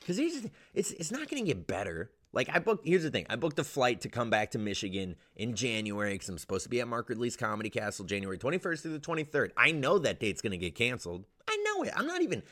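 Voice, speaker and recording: A young male comedian ranting in a casual vlog, swearing often and jumping to loud, high peaks. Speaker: stand-up comedian.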